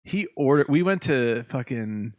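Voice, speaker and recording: A man's voice: medium pitch, lively intonation, a little slow, no echo, studio quality. A young man from Ohio, a touring band member, telling tour stories in casual chat, swearing freely and laughing through them. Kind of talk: casual storytelling on a streamed chat.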